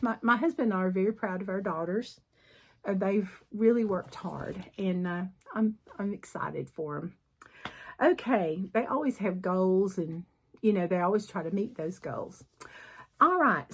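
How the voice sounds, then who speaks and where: A middle-aged woman with a Southern accent chatting casually as she shows her cross stitch projects, rambling a little and often clearing her throat. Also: medium pitch. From southern United States. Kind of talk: casual chat showing needlework projects.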